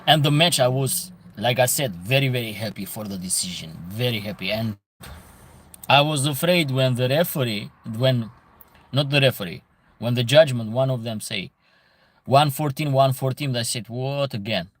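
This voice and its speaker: There's a slight hiss or hum as a host with an Albanian accent answers viewers' comments live. His medium-pitched voice has lively intonation at normal speed, and he stresses points emphatically by repeating phrases.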